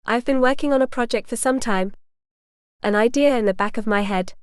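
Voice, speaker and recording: A woman's voice: a little high, a little fast, clear, resonant tone, no echo, clean studio sound, lightly acted. A woman voicing an eager showman filmmaker. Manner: eager, theatrical, effusive. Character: enthusiastic male filmmaker, charming showman.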